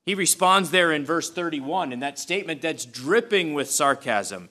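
A man preaches with a somewhat high voice that has a forceful, ringing edge. He leans on repetition to drive each point home and keeps a chatty, lightly humorous tone throughout. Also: big pitch swings, moderate pace, creaky, hardly any pauses. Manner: emphatic, repeats phrases for stress; conversational, with touches of humor. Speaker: pastor. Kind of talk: sermon.

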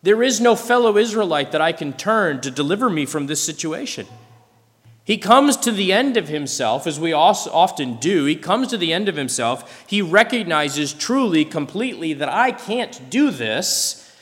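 Male preacher, slightly higher voice, expressive sermon delivery, long hall reverb. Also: normal speed. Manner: expressive, dramatizes scripture quotes.

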